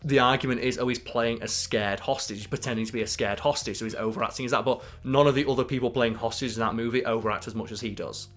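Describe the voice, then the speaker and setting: A man co-hosts a casual film podcast and gives blunt, opinionated takes. He swears freely as he talks. His voice sits at an ordinary middle pitch. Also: steady tone, rapid-fire, few pauses, a bit bright, faint music behind. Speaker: podcast co-host.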